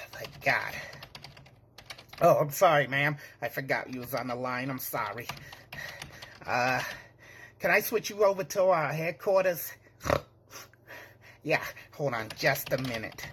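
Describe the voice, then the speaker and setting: A man's voice: mid-range voice, pushed and bright, slight background noise. A young man performing a comedic sketch monologue, flustered and panicky, whining and apologizing.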